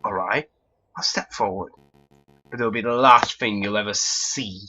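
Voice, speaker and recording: A man's voice: fairly low pitch, unhurried, bright, forceful tone, voice pushed down, low-quality recording. A man voicing a menacing, threatening thug.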